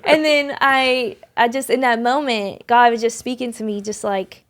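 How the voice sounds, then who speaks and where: A woman's voice: fairly high pitch, fairly even intonation, moderate pace, fairly bright tone. A young woman guest on a podcast, earnestly telling a faith story in conversation, rambling with many restarts and fillers. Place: podcast studio.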